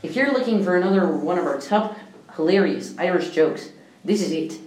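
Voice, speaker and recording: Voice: mid-range voice, animated, normal speed, a little mellow, faint music behind. A person reads a countdown of jokes, tripping over words and starting sentences again. The voice sits far back from the microphone in a roomy, echoing space. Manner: stumbles and restarts while reading. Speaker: joke reader.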